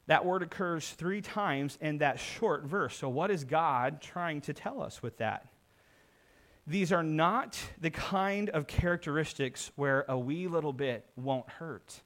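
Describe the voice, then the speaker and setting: A man's voice: fairly high pitch, expressive, measured pace, a bit bright. A middle-aged man, a pastor, preaching an earnest sermon and rising in volume for emphasis.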